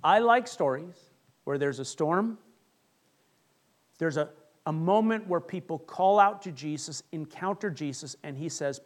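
A male pastor preaching a sermon, retelling Bible stories with lively acted-out voices. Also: fairly high pitch. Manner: animated storytelling, acts out Bible characters.

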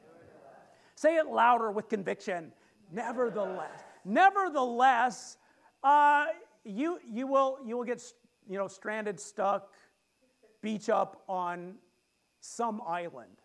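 A middle-aged man preaching a lively sermon in a church, joking with the congregation and leading call-and-response. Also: sits high, takes it slowly, gravelly. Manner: animated, jokes with the congregation and leads call-and-response. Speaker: pastor. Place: church sanctuary.

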